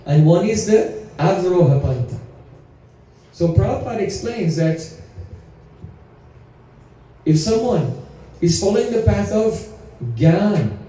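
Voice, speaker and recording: A man's voice: high-pitched, lively intonation, slow, pauses often, warm tone, distant mic. A man giving a devotional lecture as a spiritual teacher, explaining with stories and rhetorical questions. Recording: very echoey room, voice from afar.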